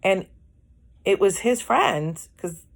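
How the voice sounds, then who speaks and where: A woman's voice: mid-range voice, animated, slow, creaky. A middle-aged woman talking candidly in a casual personal monologue, speaking to viewers about relationships. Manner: candid, conversational, acts out quoted dialogue. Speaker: host.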